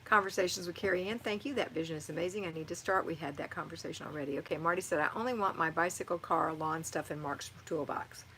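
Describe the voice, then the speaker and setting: Encouraging middle-aged woman, low voice. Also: fast, few pauses, sharp tone, slight background noise, rough recording. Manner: encouraging, motherly, reads comments aloud. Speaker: livestream host answering viewer chat. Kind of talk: live-stream chat and home advice.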